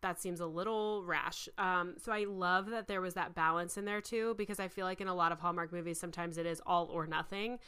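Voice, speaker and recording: A woman's voice: lowish voice, fairly even intonation, brisk, hardly any pauses, bright, forceful tone, clear, resonant tone. A woman co-hosting a podcast, enthusiastically retelling movie scenes with acted-out quotes. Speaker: podcast co-host. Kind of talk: casual chat reviewing a movie.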